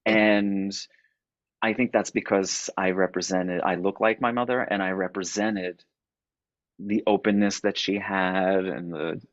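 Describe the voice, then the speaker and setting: A low-pitched man recounts his story in a halting, searching way, often repeating words before he finds them. The sound is dry and a little dull, like a modest mic with no room around it. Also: fairly even intonation, no room sound. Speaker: podcast guest. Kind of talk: personal storytelling.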